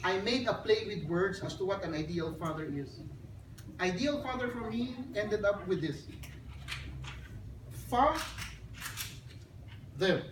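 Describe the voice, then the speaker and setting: A woman's voice: medium pitch, expressive, takes it slowly, pauses often. A woman giving an earnest, sermon-like talk at a child dedication, telling stories to her audience. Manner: earnest, storytelling, addresses audience directly. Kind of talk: sermon-like talk with a joke story. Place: hotel function hall. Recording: echoey hall, distant mic, background noise.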